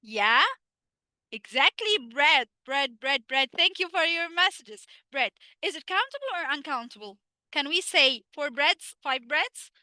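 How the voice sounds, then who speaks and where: Egyptian woman as English teacher, high and very bright voice, dry close sound, lively quiz-style delivery. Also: measured pace, no room sound. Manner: animated, asks students rhetorical questions and answers them. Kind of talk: online English lesson, mixing Arabic and English.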